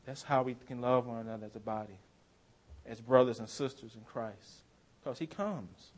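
Male pastor, sermon, emphatic, loud-to-hushed swings, slightly high voice.

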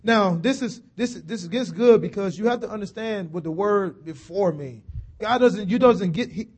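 A preacher with a notably high voice, talking to his congregation in a folksy, conversational way. He slows down and drops low on key phrases, then rises when he stresses a point. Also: a little mellow, slightly rough. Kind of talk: sermon.

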